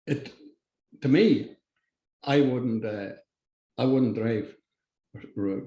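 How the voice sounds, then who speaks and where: An older Irish man, a podcast guest, talking in a halting, blunt way with frequent restarts and swearing. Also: medium pitch, mellow, roomy sound, lo-fi sound. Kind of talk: casual conversational interview.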